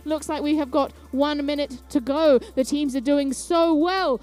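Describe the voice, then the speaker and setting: A woman's voice: high voice, moderate pace, hardly any pauses, mellow, faint music behind. A young woman commentating a live robotics match, bubbly and chatty with playful asides. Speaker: event commentator.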